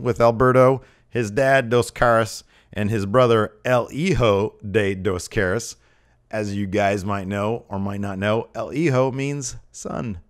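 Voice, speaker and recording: A man's voice: mid-range voice, smooth. A man hosting a podcast, casually recapping a wrestling show with lots of ums and rambling asides. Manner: mimics wrestlers in raised voices when quoting. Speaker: podcast host reviewing wrestling.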